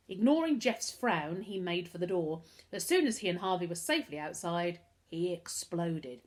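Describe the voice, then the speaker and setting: Expressive woman reading a storybook aloud. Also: on the low side, moderate pace, hardly any pauses. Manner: expressive, animated. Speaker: reader of a children's book. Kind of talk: reading a chapter book aloud.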